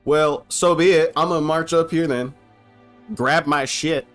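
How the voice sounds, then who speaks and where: A man's voice: fairly high pitch, steady tone, unhurried, faint music behind, pitched above the performer's own voice, lightly acted. A man voicing a carefree young man on a creepy journey, casual and slangy with lots of swearing, in a raised voice. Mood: breezy.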